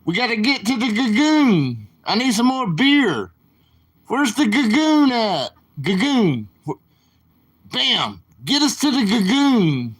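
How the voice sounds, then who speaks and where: A man doing an impression of a drunk, hot-tempered older man yelling for beer on a boat, loud and worked up. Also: very high voice, very animated, slow pace, slightly rough, voice pushed up, exaggerated voice. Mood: whiny.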